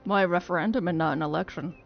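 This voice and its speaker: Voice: medium pitch, racing, creaky. A streamer gives casual, sarcastic play-by-play commentary, joking and swearing. The voice sounds slightly muffled. Faint game music plays behind. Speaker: gaming streamer. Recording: dull audio over game music.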